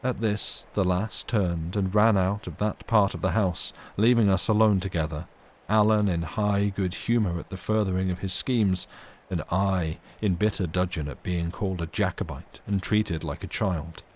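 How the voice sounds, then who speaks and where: Brief: male storyteller, low register, measured read-aloud of a classic novel. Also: steady tone. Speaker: reader. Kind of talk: reading a novel aloud on a livestream.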